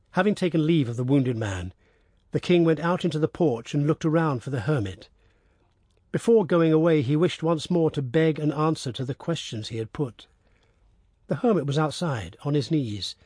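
A man narrating a storybook in a steady, measured reading. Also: medium pitch, slightly rough, no echo, studio quality.

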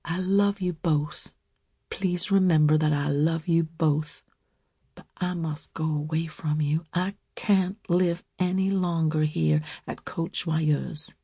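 A woman voicing a quiet, firm young woman in a storybook reading, speaking low but clearly. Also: lively intonation, unhurried, no room sound. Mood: earnest.

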